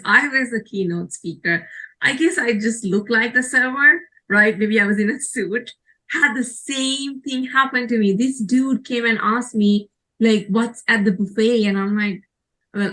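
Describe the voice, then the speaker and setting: A woman's voice: medium pitch, pushed and bright. A woman economist on a panel, telling a story bluntly and laughing as she goes. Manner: laughs through her story, blunt and casual. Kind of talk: casual panel chat.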